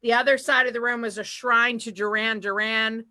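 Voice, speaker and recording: A woman's voice: on the high side, fairly even intonation, moderate pace, bright, forceful tone. A woman from Massachusetts doing a chatty stand-up comedy set on a live stream, full of fillers and asides. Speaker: stand-up comedian and show host.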